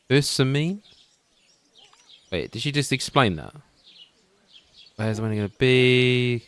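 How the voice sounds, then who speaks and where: A man's voice: mid-range voice, unhurried, long pauses, a bit bright, clean tone. Let's-play host: chatty man, casual musing commentary. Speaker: gaming YouTuber.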